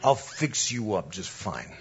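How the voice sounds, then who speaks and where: A pastor putting on a low East Coast tough-guy drawl. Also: big pitch swings, a little slow, creaky, muffled recording, noisy background, full character voice. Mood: laid-back tough. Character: smooth-talking East Coast casino director, tough-guy.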